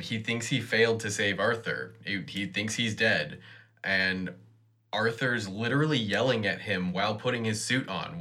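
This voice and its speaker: Guy with a lowish voice, bright and forceful, chatting thru a tv recap on a podcast. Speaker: podcast co-host. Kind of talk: casual chat recapping a TV episode.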